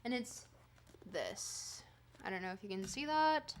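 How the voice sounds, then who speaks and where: A woman whose first language is French hosts a livestream, reading a dense text aloud and breaking off to chat with her viewers. Her voice sits a little high, and her manner is loose and joking, with casual swearing. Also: lively intonation, a little slow. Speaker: streamer.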